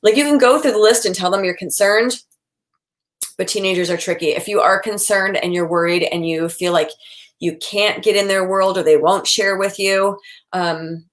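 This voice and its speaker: A woman in her forties, a psychotherapist giving casual advice and acting out quoted lines of dialogue. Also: medium pitch. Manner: chatty, acts out quoted dialogue. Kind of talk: casual expert advice talk.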